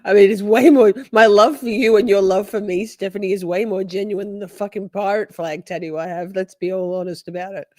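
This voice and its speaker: A woman hosting a casual stream, chatting with viewers in an animated, playful, mock-dramatic way. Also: medium pitch, brisk, hardly any pauses, no room sound, clean studio sound. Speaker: livestream host. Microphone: phone.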